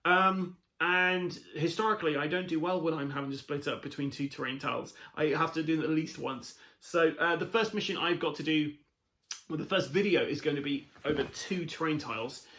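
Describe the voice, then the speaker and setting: A man's voice: a little high, a little fast, pushed and bright, roomy sound, low-quality recording. A British man in his thirties hosting a solo board game playthrough, chatting casually to viewers with many fillers. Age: 30s. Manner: chatty, lots of fillers, talks straight to viewers. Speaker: board game channel host.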